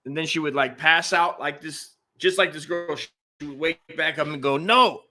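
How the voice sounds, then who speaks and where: Podcast co-host, middle-aged male, animated and crude storyteller, bright forward tone. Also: fairly high pitch, normal speed. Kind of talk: casual storytelling chat.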